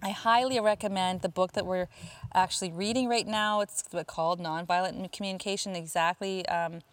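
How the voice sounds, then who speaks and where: A woman coaching parents in a casual talk, answering listener questions and often pausing with fillers and restarts. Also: medium pitch, steady tone, smooth, dry recording. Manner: chatty, lots of fillers and restarts.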